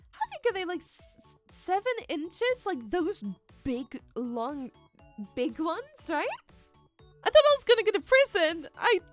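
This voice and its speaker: A young adult woman streamer telling a story in a casual chat, animated and dramatic, laughing often. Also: extremely high pitch. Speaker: VTuber streamer.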